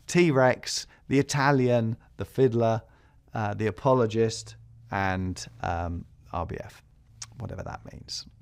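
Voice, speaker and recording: A man's voice: mid-range voice, a little mellow, clean tone. A man hosting a podcast, talking in a chatty way with small laughs and fillers. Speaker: podcast host. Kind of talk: casual podcast talk.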